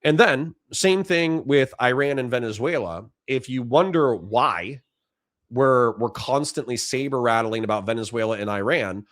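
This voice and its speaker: A young man riffing through political commentary on his own stream. He talks loosely in slang, trips over his words and restarts, and jumps from point to point. His voice is mid-pitched and recorded dry, close to the mic. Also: normal speed, fairly bright tone, no room sound.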